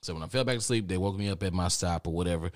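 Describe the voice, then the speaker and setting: Young man, low-pitched voice, casual storytelling, profane and rambling, dry close sound. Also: very fast, no echo. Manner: profane, rambling, laughs at himself. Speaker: podcast host.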